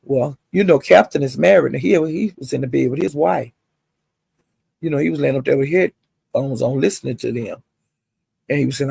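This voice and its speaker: Man dishing gossip on his vlog, calls folks honey and child, husky and dry. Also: mid-range voice, normal speed, long pauses, no echo. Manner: animated retelling, mimics others' quotes. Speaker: vlogger. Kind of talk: gossipy storytelling.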